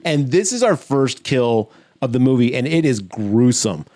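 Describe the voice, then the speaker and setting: Lively podcast host retelling a film. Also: male voice, medium pitch, measured pace, no room sound, clean studio sound. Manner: animated retelling, acting out film lines in loud voices. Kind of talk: casual chat.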